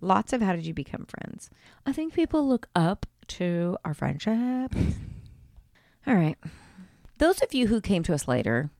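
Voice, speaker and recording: Animated woman podcaster telling a story, pitch all over the place, dry close sound. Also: a little slow, long pauses, no echo. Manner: animated storytelling, swearing, acting out quotes. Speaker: podcast co-host. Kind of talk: casual chat.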